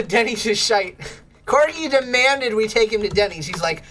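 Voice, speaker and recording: Her voice is a little high and a bit bright, with lively intonation and a normal pace. She's an American livestreamer playing a game and chatting casually with viewers, bubbly and often laughing.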